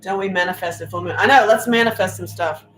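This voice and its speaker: A woman's voice: on the low side, fast talker, a bit bright, echoey room, slight background noise, low-quality recording. Chatty middle-aged woman livestreaming. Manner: chatty and joking, reads comments aloud. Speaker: livestream host. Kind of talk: casual livestream chat.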